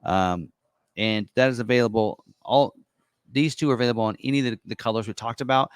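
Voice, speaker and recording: A man giving a casual, unscripted walkthrough of an online configurator, chatty and full of ums and quick self-corrections. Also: medium pitch, clear, resonant tone, no room sound, studio quality. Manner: casual and chatty, many ums and uhs, corrects himself on the fly. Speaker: car presenter walking through an online configurator.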